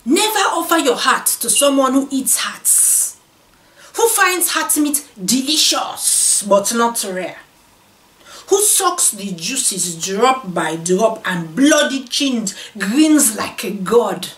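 A woman's voice: a little high, very animated, a bit bright, heavily acted. Woman putting on a West African poetry reciter. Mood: solemn. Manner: slow, measured, dramatic pauses. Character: solemn female poetry reciter. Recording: roomy echo, distant mic.

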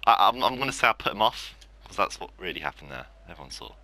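Bright, animated young Englishman ranting over gameplay. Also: deep voice, fast talker. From England. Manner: frustrated, self-mocking ranting. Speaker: gaming YouTuber. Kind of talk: live gameplay commentary.

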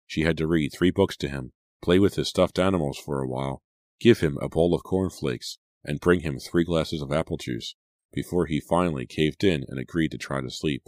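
Very deep-voiced man reading horror. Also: darkish tone, dry recording, clean studio sound. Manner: measured, suspenseful reading. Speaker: audiobook narrator. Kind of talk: scripted horror narration.

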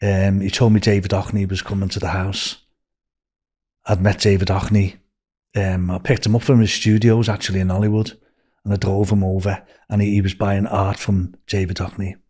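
An older man with a Liverpool accent, telling rambling, animated anecdotes as a podcast guest. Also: deep voice, normal speed, slightly rough. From Liverpool, England. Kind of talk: casual storytelling.

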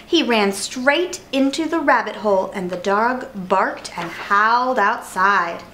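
A woman reading a children's picture book aloud with clear, expressive narration. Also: medium pitch, slow pace, low-quality recording. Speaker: storyteller.

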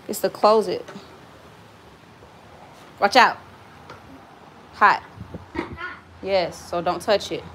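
A woman's voice: medium pitch, very slow, long pauses, fairly bright tone, slight background noise. A woman chatting casually while cooking at home, talking to viewers and her kids between steps, recorded on a nearby phone camera. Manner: loose, slangy casual speech. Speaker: vlogger cooking for her channel. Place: home kitchen. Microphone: phone camera nearby, set down at times.

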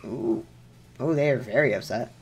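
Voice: mid-range voice, measured pace. A streamer giving casual, rambling commentary while playing a video game, muttering to themself, humming along and making self-deprecating jokes.

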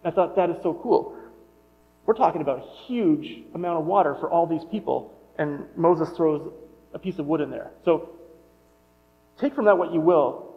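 A middle-aged pastor delivers a sermon conversationally, often restarting and wondering aloud. His voice is on the high side at a normal speed, and the recording sounds muffled with long hall reverb.

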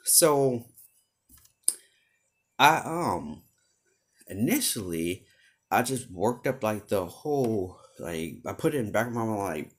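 A man's voice: lowish voice, big pitch swings, slow, long pauses, breathy edge. A young man telling a frustrated story about work in a rambling, casual way, full of filler words. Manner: exasperated, rambling, heavy use of filler words. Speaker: vlogger.

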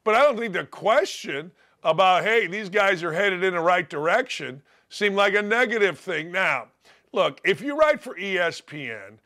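An older man hosting a sports talk show, ranting bluntly and sarcastically in a voice worn gravelly from yelling. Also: high voice. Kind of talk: opinionated sports radio rant.

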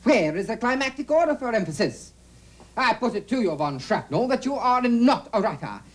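A pompous aristocratic lord and boastful war hero, declaiming grandly in a 1970s educational TV sketch. His pitch rises and falls in broad, lively sweeps. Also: normal speed, poor audio. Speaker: narrator of a TV sketch.

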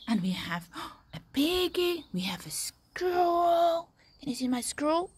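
Slow, lively woman telling a children's story. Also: sits high. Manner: animated, gasping, exclaiming, asking the listener questions.

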